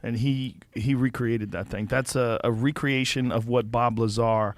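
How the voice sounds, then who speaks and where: A man's voice: medium pitch, fairly even intonation, a little slow, no room sound. A man hosting a podcast, giving short reactions and reading details off a screen in a casual chat. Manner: brief reactions, reads from a screen. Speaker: podcast host. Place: podcast studio. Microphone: studio mic.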